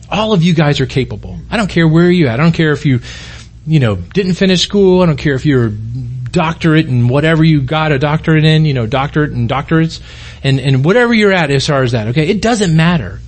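A man's voice: a little high, fairly quick. A middle-aged man, a pastor, preaching a sermon in an earnest, conversational way, often restarting his sentences.

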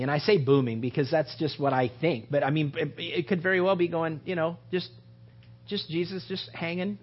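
Husky man teaching a Bible study. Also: on the high side, highs cut off. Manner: conversational, acts out voices of biblical figures.

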